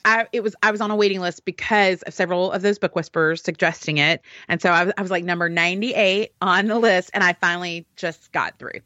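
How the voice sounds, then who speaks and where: A woman's voice: on the low side, steady tone, quick pace, hardly any pauses, bright, forceful tone, no room sound, dull audio. A woman from Alabama, chatting as a podcast guest in an enthusiastic, bubbly way. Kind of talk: casual chat.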